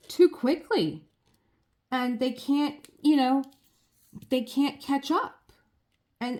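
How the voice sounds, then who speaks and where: A woman's voice: high voice, darkish tone. A middle-aged woman chatting casually and heartfelt while crafting, rambling with many restarts. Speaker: crafting vlogger.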